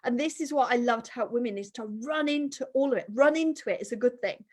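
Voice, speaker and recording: A woman chatting as a guest, animated and acting out the voices of people she quotes. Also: a little high, fast. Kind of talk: casual conversation.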